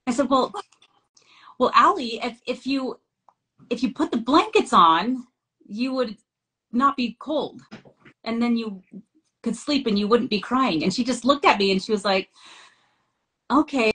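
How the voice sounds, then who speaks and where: A woman's voice: on the high side, unhurried, long pauses, a bit bright, low-quality recording. A middle-aged woman hosting a scripture study discussion. She talks in an earnest way, reads passages aloud and tells family anecdotes. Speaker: host.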